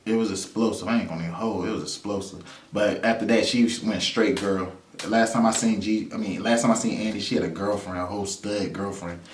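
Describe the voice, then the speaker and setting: A man hosting his own vlog, telling a personal story in a loose, animated way with frequent laughs and repeated phrases. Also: lowish voice, fairly quick, hardly any pauses, a little hiss or hum. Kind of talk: casual storytelling monologue. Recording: roomy sound from a distance to the mic.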